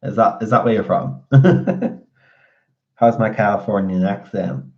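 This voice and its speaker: A man's voice: lowish voice, unhurried. A man chatting casually with viewers on a live stream, rambling with lots of fillers and restarts. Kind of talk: casual chat. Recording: dull lo-fi audio.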